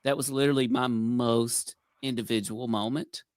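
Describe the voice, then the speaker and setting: A man's voice: medium pitch, steady tone, moderate pace, dry recording, studio quality. A man in casual group chat, friendly and enthusiastic. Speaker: guest contestant.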